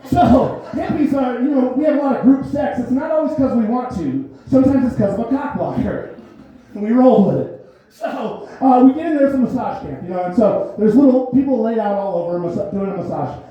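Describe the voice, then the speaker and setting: A man's voice: very high-pitched, lively intonation, a little fast. A man doing a stand-up comedy set, telling a loose, rambling story and laughing often at his own lines. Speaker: stand-up comic. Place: small comedy theater stage. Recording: very echoey, dull theater recording.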